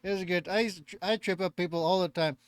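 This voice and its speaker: Speaking quickly in a high, smooth voice with fairly even intonation, a man runs a reaction channel in a rambling, self-mocking style with casual swearing. He comes from Northern California but has picked up a Southern American accent over time; the recording is dry and studio quality.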